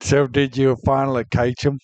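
A man hosting a comedy podcast, answering in a deadpan way with naive questions. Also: mid-range voice, normal speed, dry recording. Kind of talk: casual podcast banter.

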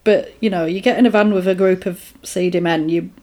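Woman gabbing through a movie plot, mellow voice, loads of likes and ums. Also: on the low side, fairly quick. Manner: rambling, animated retelling with lots of fillers. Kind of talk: casual chat retelling a film plot.

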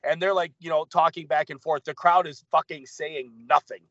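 A man co-hosting a podcast in casual chat, swearing constantly and ranting in animated mock quotes. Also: fairly high pitch, moderate pace, no echo, lo-fi sound. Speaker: podcast co-host.

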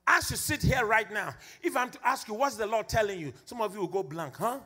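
A man's voice: high-pitched, fairly quick, pushed and bright. A man preaching a sermon to a congregation in a fervent, sing-song cadence. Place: church gathering.

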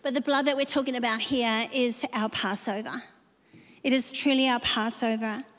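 High-voiced woman preaching in a hall. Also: steady tone, normal speed. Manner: emphatic, repeats phrases for effect. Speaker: pastor. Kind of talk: sermon. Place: large church hall. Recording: long hall reverb, soft music behind.

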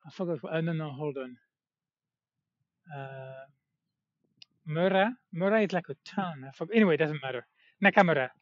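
A man's voice: a little high, normal speed, long pauses. A man talking in a rambling, casual monologue, full of fillers and self-corrections. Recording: dull, slightly muffled, dry sound.

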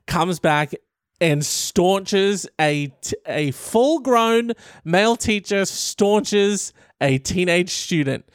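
A man doing comic commentary while reading an article aloud, animated and profane. His voice is smooth and a bit high for a man. The recording is dry and close. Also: drawn-out words, dry recording.

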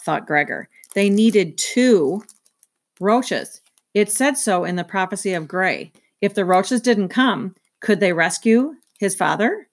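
A woman narrating a children's novel aloud in a steady, clear storytelling manner. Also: mid-range voice, slow pace. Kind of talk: children's book read-aloud.

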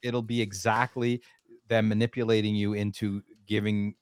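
A man's voice: fairly low pitch, flat delivery, normal speed, clean tone, no echo, clean studio sound. A middle-aged man co-hosting a podcast in casual chat, emphatic and repetitive as he gives fatherly advice. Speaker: podcast co-host.

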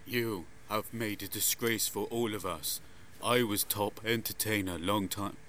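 A man's voice: on the low side, fairly even intonation, a little slow, fairly bright tone, slight background noise. A man playing a primitive male entertainer who speaks in broken grammar, in improv comedy. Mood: grumbling.

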